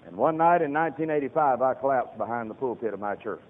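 A man preaching a sermon as a pastor, swinging from hushed talk to loud shouted peaks. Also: mid-range voice, lively intonation, quick pace. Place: church sanctuary. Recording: tinny lo-fi sermon recording in reverberant hall.

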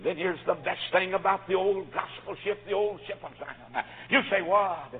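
A man preaching a sermon, fervent and swinging between quiet storytelling and shouts. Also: sits high, normal speed, a little hiss or hum. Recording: phone-like audio with long hall reverb.

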